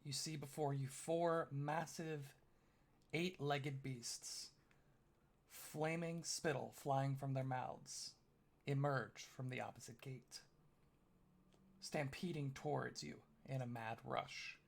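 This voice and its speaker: A man running a tabletop game as game master, narrating scenes slowly and dramatically. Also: medium pitch, fairly even intonation, gravelly.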